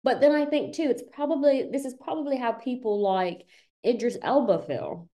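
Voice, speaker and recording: A woman co-hosting a podcast, telling stories in animated, joking casual chat. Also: sits high, normal speed. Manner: animated storytelling, jokey. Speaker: podcast co-host.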